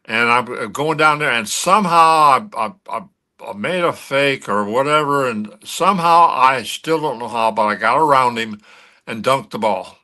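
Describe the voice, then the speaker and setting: An older man, a former pro athlete, telling anecdotes as a guest on a sports talk show, animated and full of restarts. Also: mid-range voice, normal speed.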